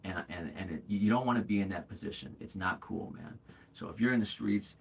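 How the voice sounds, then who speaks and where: A man's voice: low-pitched, fairly quick, creaky, breathy edge. A man in his forties hosting a livestream, talking candidly in a rambling way, with many fillers and restarts, calling viewers bro and man. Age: 40s. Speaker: livestream host. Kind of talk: casual livestream chat.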